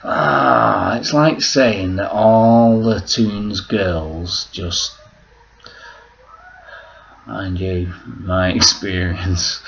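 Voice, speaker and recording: A man's voice: deep voice, gravelly, a bit bright, dull audio, a little hiss or hum. A man vlogging at home, rambling through a joking, self-mocking monologue full of swearing.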